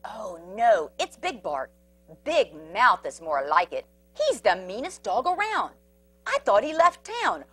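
A woman voicing a crowd of excited little prairie dogs chattering in turns in a storybook reading. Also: fairly high pitch, unhurried, husky, no room sound, full character voice. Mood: worried.

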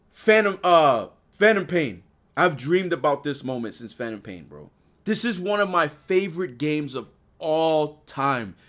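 Brief: young male reaction host, high and expressive, emotional and pleading. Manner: emotional, animated, swearing, pleading. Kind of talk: excited video reaction.

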